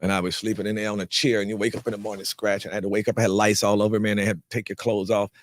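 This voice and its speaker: A man from North Carolina telling his life story as an actor guest in an interview, animated and acting out the people he quotes, often repeating words as he restarts. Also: lowish voice, rapid-fire.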